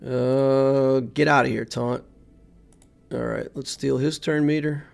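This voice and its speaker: Gravelly man muttering through gameplay. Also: medium pitch, fairly even intonation, takes it slowly, soft background music. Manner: thinks aloud, mutters to himself while playing. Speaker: game streamer. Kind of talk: live gameplay commentary.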